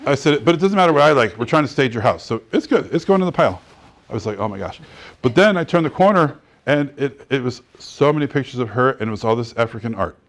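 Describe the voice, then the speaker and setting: A man's voice: medium pitch, quick pace. A man teaching a real estate class, telling stories and acting out the dialogue with frequent laughter. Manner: animated storyteller who acts out dialogue and laughs often. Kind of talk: classroom lecture with anecdotes.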